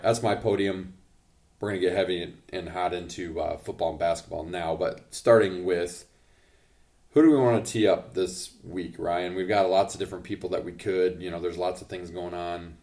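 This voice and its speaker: A man hosting a sports podcast, giving emphatic, opinionated takes in casual talk. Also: low-pitched. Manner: emphatic, opinionated, rising to loud points. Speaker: podcast host.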